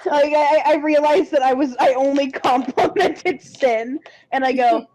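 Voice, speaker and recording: A woman player in a casual tabletop role-play game, talking in an animated, giggly way and stumbling over her words. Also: high-pitched, moderate pace.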